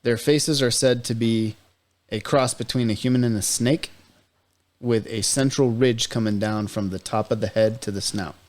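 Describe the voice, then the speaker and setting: A man's voice: medium pitch, fairly even intonation, normal speed, a little mellow. A man co-hosting a casual podcast, laid-back and sarcastic, at times reading out descriptive notes. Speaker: podcast co-host.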